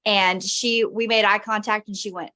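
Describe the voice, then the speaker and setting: A woman co-hosting a podcast, telling a quick, bubbly story with laughter. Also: mid-range voice, fairly even intonation, pushed and bright. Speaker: podcast co-host. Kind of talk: casual chat.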